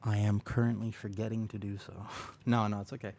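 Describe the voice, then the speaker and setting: A man livestreaming a game, chatting casually and playfully with viewers while keeping his voice quiet to rest a sore throat, close to his desk microphone. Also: on the low side, level tone, a little fast, slight background noise. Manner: playful, chatty, talks to chat by name. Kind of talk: casual chat while gaming.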